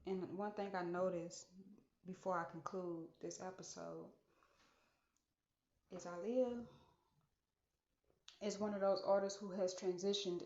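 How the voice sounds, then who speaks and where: A woman's voice: on the low side, darkish tone. A woman hosting a casual solo podcast monologue, musing aloud and repeating phrases for emphasis. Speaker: podcast host. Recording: echoey room, dull lo-fi sound.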